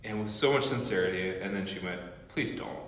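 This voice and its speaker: Echoey, low-voiced man telling a sermon story. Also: quick pace, a little hiss or hum. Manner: animated storyteller acting out quotes. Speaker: guest lecturer. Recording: echoey hall with long reverb.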